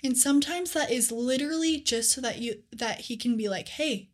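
A young woman co-hosting a faith podcast, telling scripture stories in an earnest, animated casual way with lots of "like.". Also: on the high side, fairly quick. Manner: earnest, animated storytelling with many "like"s. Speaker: podcast co-host.

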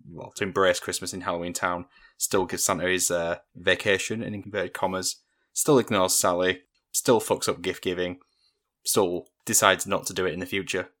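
A man's voice: deep voice, flat delivery, moderate pace, a bit bright. A man co-hosting a casual film podcast, giving blunt, matter-of-fact opinions. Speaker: podcast co-host.

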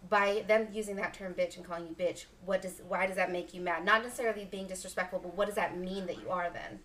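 A woman's voice: lowish voice, steady tone, quick pace, a bit bright. A woman co-hosting a casual chat, probing with follow-up questions. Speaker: podcast co-host.

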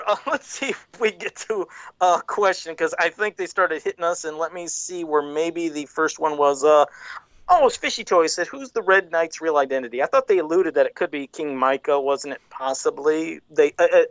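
A man's voice: fairly high pitch, expressive, normal speed, fairly bright tone, dry recording. Man co-host on a video call, joking and swearing, dry close sound. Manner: profane, teasing, laughs often. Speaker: podcast co-host. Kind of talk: casual chat.

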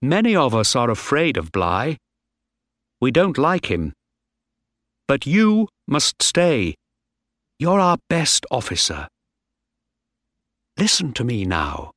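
A man's voice: medium pitch, huge pitch swings, takes it slowly, long pauses, a bit bright, dry recording, studio quality, pitched above the performer's own voice, exaggerated voice. A man voicing a worried young sailor who earnestly pleads with his friend. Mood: pleading. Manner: anxious, earnest.

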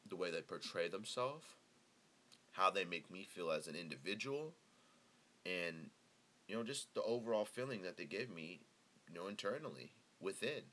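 A man's voice: sits low, lively intonation, normal speed, a bit bright. A man hosting his own show, chatting casually in a rambling, profane, joking way while drinking beer. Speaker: podcast host. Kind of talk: casual solo chat.

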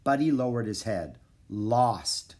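Guy reading a kids chapter book aloud, calm and steady, mid-pitched. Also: measured pace. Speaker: narrator. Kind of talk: storybook narration.

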